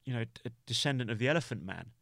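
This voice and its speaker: A man from the United Kingdom, a podcast guest, recounting a personal story in a halting way, full of restarts and "you know" fillers. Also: mid-range voice, expressive, gravelly, fairly bright tone, dry recording, studio quality.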